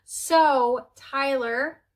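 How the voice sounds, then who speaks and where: A woman's voice: high-pitched, drawn-out words. A woman in her forties, talking in a heartfelt personal vlog, chatty and earnest, with many fillers. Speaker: vlogger sharing her conversion story.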